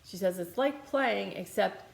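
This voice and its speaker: With lively intonation and a gravelly voice of medium pitch, a woman guides a healing meditation that includes channeling, moving a little slowly. As a meditation teacher she keeps it rambling and conversational, full of fillers and restarts, and the room echoes.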